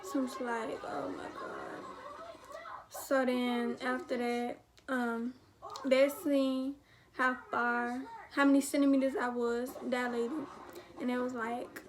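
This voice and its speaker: High-voiced young woman telling a rambling story. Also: level tone, slow, a crowd in the background, noisy background. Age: teens. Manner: rambling, slangy, frequent "like" and quoted dialogue. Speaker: vlogger. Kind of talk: storytime, casual retelling.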